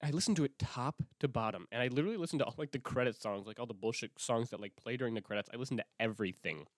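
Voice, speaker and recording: A man's voice: medium pitch, very fast, dry recording, clean studio sound. A young man hosting a podcast, talking in a rambling, profane, self-interrupting way with many restarts. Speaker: podcast host. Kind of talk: casual rambling monologue.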